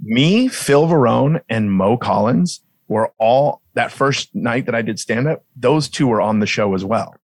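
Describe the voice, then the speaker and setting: A man's voice: mid-range voice, a little slow, few pauses, dry recording. A man spins a casual story as a comedian, jumping into the voices of the people in it. His talk is loose and profane, and the sound is dry and close. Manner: animated, acts out dialogue, swears freely. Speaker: comedian guest.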